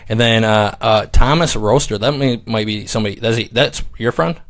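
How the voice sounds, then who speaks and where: A man's voice: on the low side, brisk, a bit bright. A man hosting a casual livestream chat, joking around, laughing often and reading viewer comments aloud. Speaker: host.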